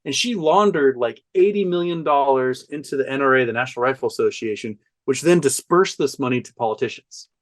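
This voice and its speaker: A man talking as a podcast guest, telling a story in an animated, profane way and laughing often. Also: mid-range voice, brisk, hardly any pauses. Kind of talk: casual storytelling chat.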